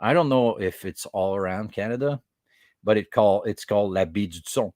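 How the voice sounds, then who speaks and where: A man's voice: fairly low pitch, moderate pace, a little mellow, dry recording, clean studio sound. A man from Quebec with a Québécois accent, hosting a casual podcast chat, slipping between English and French with many fillers and restarts. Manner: mimics other accents in bursts. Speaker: podcast host.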